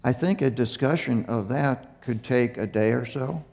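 A man giving a Bible teaching, speaking slowly and haltingly with fillers and self-corrections, a little out of breath. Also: medium pitch, gravelly, darkish tone. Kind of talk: unhurried Torah teaching. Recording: muffled recording in a reverberant hall.

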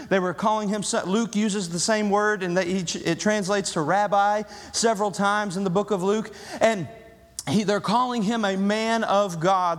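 A Southern American man preaching a sermon, his voice sitting high. He builds his points through fervent repetition. The sound rings with a long church reverb. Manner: impassioned preaching, repetitive rhetorical build-ups. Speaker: pastor. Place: church sanctuary.

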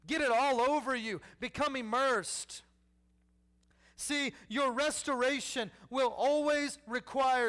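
Animated preacher man. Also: very high-pitched, takes it slowly. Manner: animated preaching, repeats key lines, acts out Bible figures with humor. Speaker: pastor. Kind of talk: sermon.

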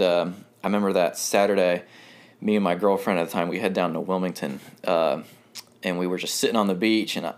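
A young man with a deep, low voice tells a story in an easygoing, rambling way. He is from North Carolina and fills his sentences with "like" and "um", laughing now and then as he talks. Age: 20s. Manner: rambling, lots of fillers and laughs. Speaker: guest. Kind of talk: casual storytelling.

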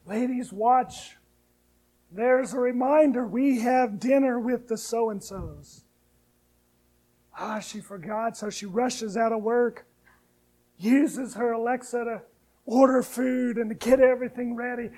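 A man preaching a sermon, moving from hushed, tender lines to loud, rising appeals and slowly reciting hymn verses. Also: very high-pitched, steady tone, low-quality recording. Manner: preaching with sharp swings between soft, hushed lines and loud, rising ones. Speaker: pastor.

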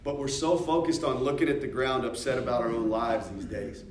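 A man's voice: mid-range voice, expressive, brisk, a little hiss or hum. American man teaching a church class. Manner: conversational, asks the class questions, jokes and laughs. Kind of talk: informal teaching talk. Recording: echoey room from a distance.

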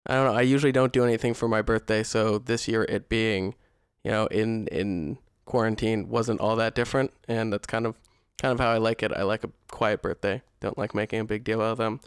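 A young man co-hosting a podcast in casual chat, relaxed and rambling, with many fillers and restarts. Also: lowish voice, fairly quick, clear, resonant tone, no room sound, studio quality. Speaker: podcast co-host.

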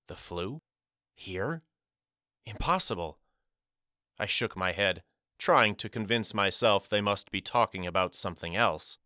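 A man reading an audiobook chapter as measured first-person storytelling. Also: low-pitched, sharp tone, smooth, no echo, clean studio sound. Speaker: audiobook narrator. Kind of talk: scripted narration.

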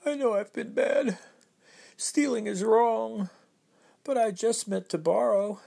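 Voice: mid-range voice, takes it slowly, gravelly, warm tone, voice pushed up, heavily acted. A storyteller voicing a sorry, sniffling man who stole books, for a picture-book read-aloud. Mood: apologetic. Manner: apologetic, sniffly. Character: sorry, sniffling adult male book thief.

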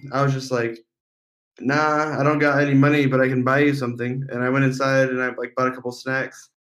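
A man's voice: mid-range voice, little pitch movement, fairly quick, a bit bright. A man on a podcast telling blunt, profane stories in casual chat.

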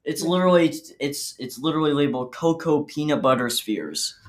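A person reading out questions in a casual guessing game, relaxed and a bit hesitant. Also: medium pitch, brisk. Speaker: quiz asker.

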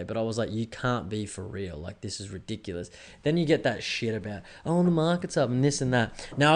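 Sweary, low-voiced Australian man. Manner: candid, sweary, leans on "right?" tags. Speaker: podcast host. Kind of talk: casual solo podcast monologue.

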